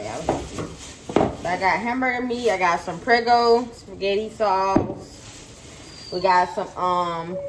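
A woman vlogging at home in her kitchen, chatting casually to her viewers and repeating points for emphasis. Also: mid-range voice. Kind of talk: casual chat to camera. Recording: noisy home recording.

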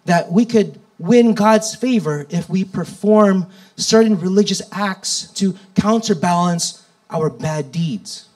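A man preaching a sermon, reading scripture with slow, deliberate delivery and dramatic rises and drops. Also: high-pitched, darkish tone, poor audio.

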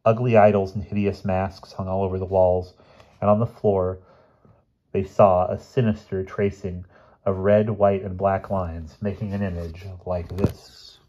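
Guy reading a book aloud, deep voice, bit raspy, muffled lo-fi audio. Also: unhurried. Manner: steady storytelling with occasional slips and restarts. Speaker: audiobook reader. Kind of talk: audiobook narration.

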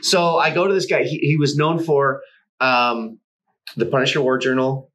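A man's voice: mid-range voice, moderate pace, poor audio. Middle aged guy telling stories in an interview, laughs a lot, swears some. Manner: animated, swearing, laughing often while telling anecdotes. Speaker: guest artist. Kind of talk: casual storytelling interview.

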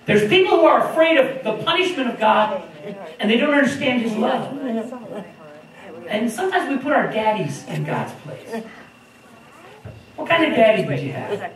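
Man preaching, lively, from far off in an echoey hall. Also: very high voice, moderate pace, long pauses, a crowd in the background. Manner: animated, joking storytelling. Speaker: pastor. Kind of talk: sermon. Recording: echoey room from far off with audience. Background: congregation.

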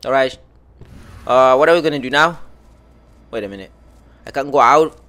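A man giving excitable live gameplay commentary, talking to himself and his viewers with frequent exclamations. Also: mid-range voice, normal speed. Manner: excitable, lots of exclamations and self-talk. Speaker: gameplay streamer.

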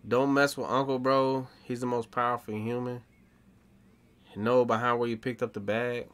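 Bright-voiced young male gaming streamer. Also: medium pitch, level tone, normal speed. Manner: slangy, talks back to game characters. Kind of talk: casual gaming commentary.

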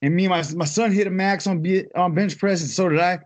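A man's voice: high-pitched, fairly even intonation, fast talker. Rambling profane man. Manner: profane, rambling, full of fillers. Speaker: podcast host. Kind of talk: casual chat, storytelling.

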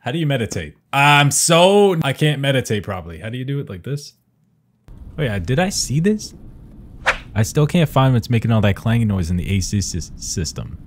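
A young man giving excitable let's-play commentary, swearing and yelling at the game as he plays. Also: medium pitch, normal speed, slight background noise. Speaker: gaming YouTuber. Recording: game music playing behind.

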